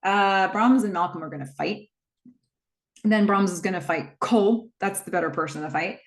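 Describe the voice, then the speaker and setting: A woman retelling a movie plot in a casual, chatty way, with quick asides and small acted-out quotes. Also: fairly low pitch, vocal fry, reverberant. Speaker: movie recap host.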